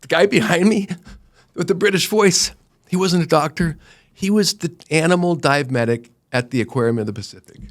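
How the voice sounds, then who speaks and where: Middle-aged man, raised voice pitch, earnest interview storyteller, lively restarts. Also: moderate pace. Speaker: guest, roofing company founder.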